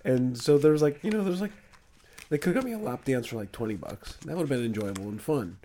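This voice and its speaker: A man's voice: medium pitch, expressive, fast, warm tone. Male co-host, dry storyteller, mid-range voice, faint hiss behind him. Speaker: podcast co-host. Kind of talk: casual banter with friends.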